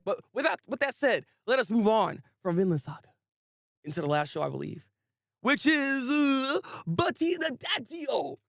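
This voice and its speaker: A young man with a fairly high voice runs a relaxed anime review stream, animated and quick to laugh as he chats with his viewers. The sound is dry and close, with no room around it. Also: no echo. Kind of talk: casual livestream commentary.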